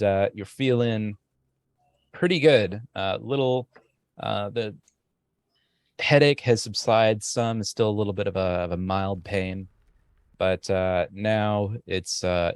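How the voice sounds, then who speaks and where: A man narrating a tabletop game as game master in an unhurried way with frequent fillers. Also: lowish voice, smooth, no room sound.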